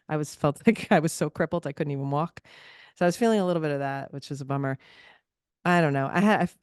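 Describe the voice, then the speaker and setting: Podcast co-host, woman, low register, animated storyteller who laughs easily, dry close recording. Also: dry recording. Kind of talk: casual chat.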